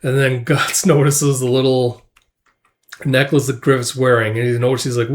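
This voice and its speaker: A man's voice: mid-range voice, little pitch movement, moderate pace. A man casually retelling a comic story in a laid-back way, chuckling and using lots of fillers. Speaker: comic recap host.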